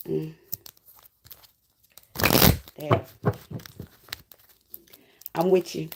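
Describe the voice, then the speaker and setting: A woman's voice: on the low side, measured pace, pauses often, heavy background noise. A woman giving an emotional, preachy spiritual tarot reading, close to tears. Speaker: tarot reader.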